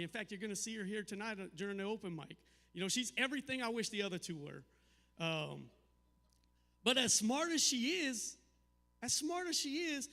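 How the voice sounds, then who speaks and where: A middle-aged man doing a stand-up set, telling crude family stories with deadpan punchlines. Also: high-pitched, creaky, big-room sound. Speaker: stand-up comedian. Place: live comedy venue.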